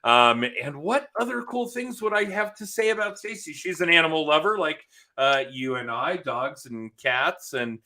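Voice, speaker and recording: A man's voice: fairly high pitch, lively intonation, moderate pace, hardly any pauses, bright, forceful tone. A man hosting a podcast over a video call, talking in a loose, jokey, chatty way and laughing often. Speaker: podcast host and sales coach. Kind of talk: casual chat.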